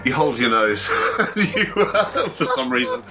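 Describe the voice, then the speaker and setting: A man narrating as game master of a tabletop horror game, descriptive and halting with fillers. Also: mid-range voice, sing-song, music in the background.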